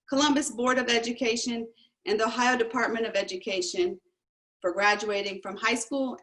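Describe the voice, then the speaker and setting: A woman's voice: on the high side, a bit bright, low-quality recording. Woman principal giving a formal address. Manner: measured, formal reading of figures. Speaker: high school principal.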